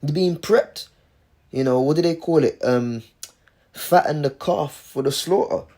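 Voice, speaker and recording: A man's voice: fairly high pitch, a little slow, mellow. A man in casual religious commentary who preaches emphatically, repeats himself and keeps saying "man".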